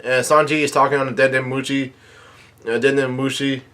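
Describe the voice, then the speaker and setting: Man, mid-pitched, casual reaction vlogger, halting delivery full of ums and restarts. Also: little pitch movement, pushed and bright. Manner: halting, many fillers and restarts; reads quoted lines in a plain narrating voice. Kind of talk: casual chapter recap.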